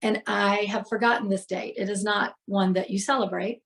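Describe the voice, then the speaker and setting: A woman's voice: medium pitch, little pitch movement, moderate pace. A middle-aged woman, a healer and podcast guest, candidly retelling a hard personal day with emotion and lots of fillers.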